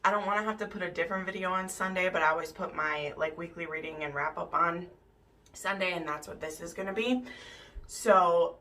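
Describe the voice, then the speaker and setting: A woman's voice: fairly low pitch, brisk, pushed and bright. A woman vlogger in casual book chat, talking in a loose, chatty way full of "like" and "um". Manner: chatty, lots of "like" and "um", acts out characters' lines. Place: home bathroom, camera hung on shower curtain.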